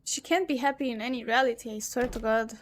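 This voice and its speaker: A young woman playing a story game, animatedly commenting and reading texts aloud in quick bursts. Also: on the high side, a little hiss or hum. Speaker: gaming streamer. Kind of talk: let's play commentary.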